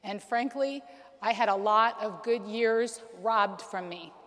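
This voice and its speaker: A woman's voice: mid-range voice, slow, fairly bright tone. A woman in her forties giving an earnest personal testimony at a conference, with frequent ums and restarts. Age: 40s. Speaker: conference speaker. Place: conference hall. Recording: reverberant hall.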